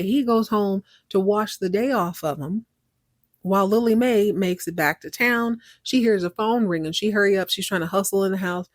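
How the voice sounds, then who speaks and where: A woman hosting a podcast, animatedly recapping a TV episode in a casual, excitable way. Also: medium pitch, no echo, studio quality. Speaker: podcast host.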